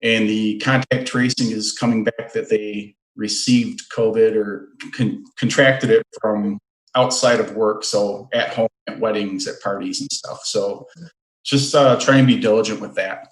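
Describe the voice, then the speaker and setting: A middle-aged man, a fire chief, giving an unhurried, earnest safety report at a city meeting. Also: fairly low pitch, fairly even intonation. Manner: plain-spoken, earnest, unhurried. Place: council meeting room. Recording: echoey meeting room.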